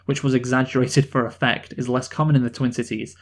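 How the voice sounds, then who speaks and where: A man's voice: medium pitch, flat delivery. Chatty man reviewing a film. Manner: rambling, many restarts, quick laughs. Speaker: podcast co-host. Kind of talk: casual film review chat.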